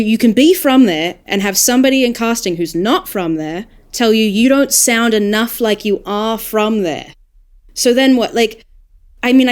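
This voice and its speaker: An Australian woman, a podcast guest, talking in a casual, animated, thoughtful way and laughing now and then. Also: mid-range voice. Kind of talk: casual panel discussion.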